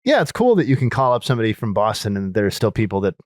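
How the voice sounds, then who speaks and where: Low-voiced easygoing podcast co-host man. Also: sing-song, fast, no echo, studio quality. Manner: easygoing, prompting questions and short agreements. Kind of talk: casual chat.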